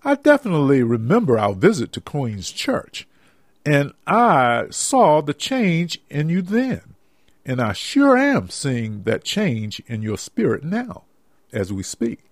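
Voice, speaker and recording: A man's voice: on the high side, wildly swooping pitch, takes it slowly, no echo, clean studio sound, exaggerated voice. Man playing a sheepish lovestruck husband. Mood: earnest. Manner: earnest, swooping intonation. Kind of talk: amateur audio drama.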